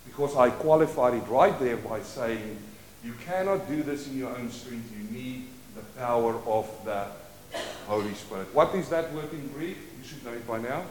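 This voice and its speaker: A man preaching a sermon as pastor, leading call-and-response and moving between quiet asides and loud declarations. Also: mid-range voice, moderate pace, roomy sound, slight background noise. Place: church.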